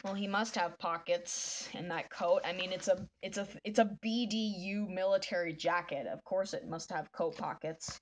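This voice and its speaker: A woman's voice: lowish voice, steady tone, moderate pace, hardly any pauses. A woman chatting casually while drawing a comic, rambling and often restarting her sentences. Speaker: artist drawing a fan comic.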